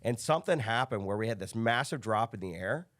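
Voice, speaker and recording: A man's voice: lowish voice, a little fast. A man in his thirties from the Chicago area, a business coach telling stories as a guest in a casual podcast interview, acting out the dialogue he quotes. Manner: animated storyteller, acts out quoted dialogue.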